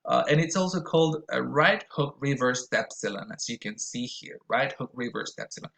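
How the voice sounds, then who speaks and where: A man gives a recorded pronunciation lesson at a middle pitch. He explains step by step and draws out example words slowly and clearly so learners can copy them. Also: animated, fairly bright tone, poor audio. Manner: explains slowly, models words with careful exaggerated vowels. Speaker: pronunciation teacher.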